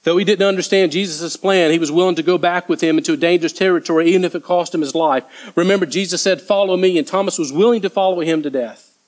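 A man's voice: high voice, fast, low-quality recording. Man preaching a casual sermon. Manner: conversational, acts out disciples' voices. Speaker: pastor.

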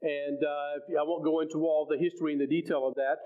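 A man's voice: fairly high pitch, flat delivery, quick pace, phone-quality sound. A man preaching a sermon in a conversational way, often repeating words and restarting phrases as he explains scripture.

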